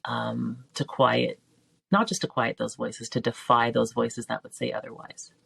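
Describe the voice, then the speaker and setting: A woman's voice: extremely low pitch, level tone, measured pace, creaky, fairly bright tone, husky. A woman in her forties, a teacher and filmmaker, talking as a podcast guest in a heartfelt, searching way with restarts. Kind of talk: reflective podcast interview.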